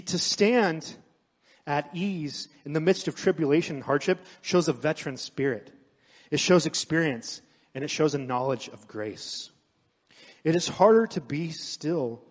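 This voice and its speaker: A man preaching a sermon, mixing scripture with animated personal stories. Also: fairly high pitch. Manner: storytelling, animated asides. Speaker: pastor. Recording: long hall reverb.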